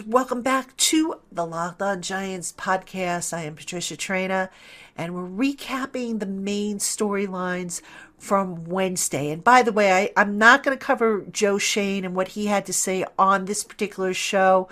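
A woman's voice: medium pitch, moderate pace, fairly bright tone. A middle-aged woman hosting a sports podcast, giving conversational, opinionated commentary with many fillers. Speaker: podcast host.

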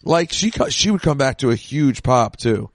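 A man talking casually on a podcast while an old match plays, cracking jokes and drifting into rambling asides. His voice sits at an ordinary middle pitch. The sound is dry, with no room echo. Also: animated, moderate pace. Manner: chatty, jokey, rambling asides. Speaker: podcast co-host.

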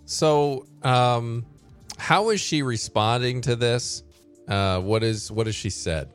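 A man co-hosting a news podcast in casual chat, relaxed and conversational, steering the talk to the next story. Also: mid-range voice, takes it slowly, clean tone, soft background music. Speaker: podcast co-host.

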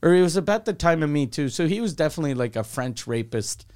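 A man from Quebec, a comedian telling stories in casual chat, animated and profane. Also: fairly high pitch, quick pace, clean tone.

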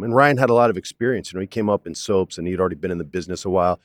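A low-voiced actor in his forties talks rapid-fire, barely pausing, as he tells stories during a casual in-person studio interview. Animated, he acts out the quotes and drops "man" frequently. The recording is dry.

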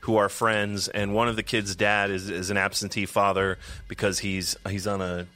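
Middle-aged male co-host, low pitch, bright forceful tone, animated casual storyteller. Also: moderate pace. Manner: animated storyteller who acts out pets' voices. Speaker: podcast co-host. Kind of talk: casual chat.

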